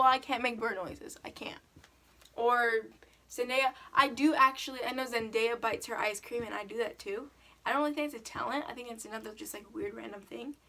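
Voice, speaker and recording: A teenage girl talks through a casual question-and-answer vlog, rambling into stories with plenty of "like". Her voice is bright and a little high, with a lively edge. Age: teens. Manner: chatty storytelling, lots of "like". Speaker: vlogger.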